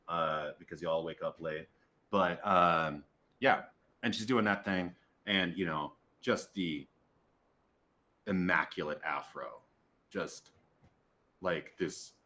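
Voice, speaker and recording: A man's voice: sits low, sharp tone. A man as game master, narrating a tabletop game in a rambling way with many fillers.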